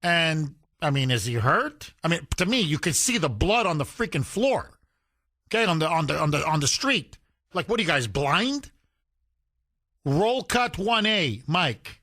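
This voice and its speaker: A man's voice: on the high side, big pitch swings, unhurried, sharp tone, no room sound. A man hosting a talk radio show, giving emphatic, indignant commentary and mimicking the people he talks about.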